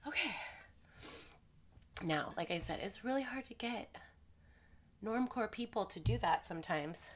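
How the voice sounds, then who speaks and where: A woman's voice: medium pitch, expressive, a little slow. A woman vlogger with a slightly nasal, congested voice, chatting casually to camera and wandering off on tangents. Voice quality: a little nasal. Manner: rambling, chatty, goes off on tangents. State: congested with a cold.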